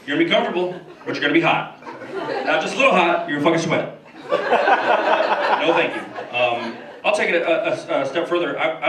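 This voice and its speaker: A man doing a stand-up comedy set in a club, with a deadpan, halting delivery full of fillers. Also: fairly high pitch. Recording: echoey room from far off, loud crowd noise.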